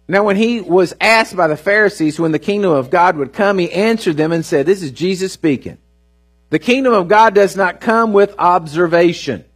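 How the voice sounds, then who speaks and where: A male pastor preaching a sermon to his congregation, with call-and-response asides and lots of repetition for emphasis. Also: sits high. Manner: earnest, repeats words for emphasis. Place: church service.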